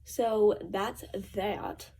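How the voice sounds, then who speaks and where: A woman's voice: medium pitch, steady tone, drawn-out words, mellow, husky. A teenage girl telling a rambling story in a casual, chatty way while she does her makeup, with slangy asides. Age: teens. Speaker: vlogger.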